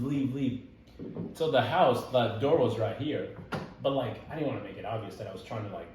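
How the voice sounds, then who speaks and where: A young man tells stories in easy conversation, getting animated and laughing at his own tales. His voice sits in the middle of the male range. The mic is well away from him, so the sound is roomy and echoing, with a faint hiss underneath. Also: mid-range voice. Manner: animated, laughs while telling stories, many "like" and "dude" fillers. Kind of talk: casual storytelling conversation. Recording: echoey room, voice from some distance.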